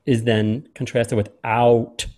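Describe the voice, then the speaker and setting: A man hosting and lecturing, doing a close reading of a speech and drawing out key words in a measured way. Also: mid-range voice, level tone, darkish tone. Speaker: host and lecturer.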